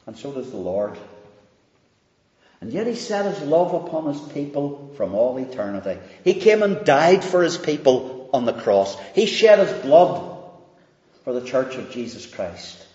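A man delivers an unhurried sermon, leaning hard on key words and then dropping almost to a hush. His voice sits at an ordinary pitch. The recording is muffled and carries a long hall reverb. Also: sing-song. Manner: slow, emphatic preaching with sweeping rises and hushed drops. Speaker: preacher. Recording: dull, echoey hall recording.

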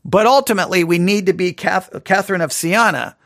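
A man with a slightly raised pitch talks through a casual Christian podcast. He rambles and stumbles over restarts, often poking fun at himself. The sound is dry and close, with no room around it. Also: a little fast, fairly bright tone, no echo. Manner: rambling, self-deprecating, with many restarts. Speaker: podcast host.

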